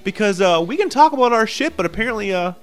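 A man's voice: high voice, lively intonation, quick pace, soft background music. A young man co-hosting a casual podcast, rambling with lots of fillers and swearing freely. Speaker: podcast co-host.

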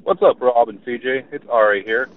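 A man's voice: mid-range voice, moderate pace. A man ranting profanely in a voicemail message to a podcast. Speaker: voicemail caller. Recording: muffled voicemail recording.

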